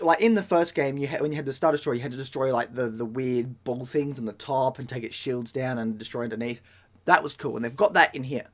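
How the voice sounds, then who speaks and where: Australian male gaming host, mid-pitched, excitable, rambly, self-correcting. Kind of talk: casual gaming commentary.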